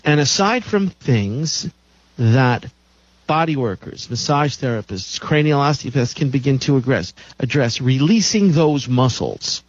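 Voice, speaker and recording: A man's voice: mid-range voice, expressive, measured pace, no room sound. A man hosting a health show, lecturing emphatically and repeating his key claims. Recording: dull lo-fi dry recording.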